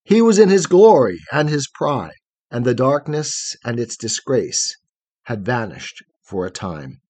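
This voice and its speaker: A man narrating a fairy tale audiobook in a measured, expressive storytelling manner. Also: medium pitch, breathy edge, no room sound.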